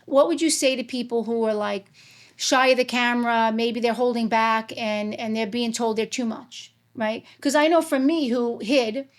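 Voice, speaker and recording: A woman's voice: fairly high pitch, steady tone, normal speed. A woman hosting a podcast interview, talking casually with many fillers. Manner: chatty, many fillers like "right" and "like". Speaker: podcast host.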